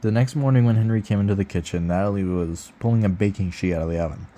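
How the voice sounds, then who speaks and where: A man's voice: lowish voice, quick pace, dark tone. A man reading a children's book aloud, breaking off for sarcastic, cursing asides.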